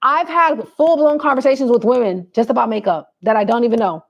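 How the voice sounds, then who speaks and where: A woman's voice: fairly high pitch, fairly quick, muffled recording. A woman vlogger giving blunt, preachy advice to her viewers in a casual chat.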